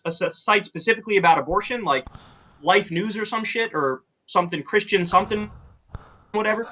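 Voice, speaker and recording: Blunt sarcastic guy hosting a political talk show, sharp bright voice, kinda muffled lo-fi audio. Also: high-pitched. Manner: blunt and sarcastic, swears casually. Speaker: show host. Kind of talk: casual political commentary.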